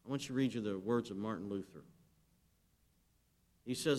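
A man's voice: on the low side, normal speed, long pauses, darkish tone. Emphatic male pastor preaching. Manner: emphatic preaching, asks the congregation to answer; reads scripture aloud. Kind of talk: sermon.

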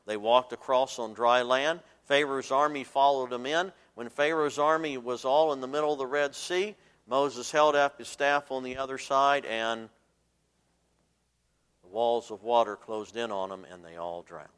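A man preaching a sermon, swinging between loud emphatic bursts and soft asides, and asking his listeners to fill in the words. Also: medium pitch, fairly even intonation, a little slow, smooth. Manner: asks the congregation fill-in questions. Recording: long hall reverb.

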